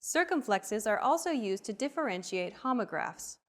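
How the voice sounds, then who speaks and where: A woman narrating a scripted language lesson, explaining grammar rules in a plain, even way. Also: a little high, moderate pace, faint music behind.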